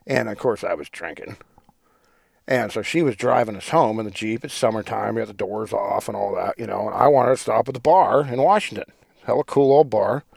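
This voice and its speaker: A man's voice: lowish voice, fairly quick, vocal fry, a little mellow, dry recording, clean studio sound. A man, co-hosting a podcast, telling a long rambling story in casual, profane chat. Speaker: podcast co-host.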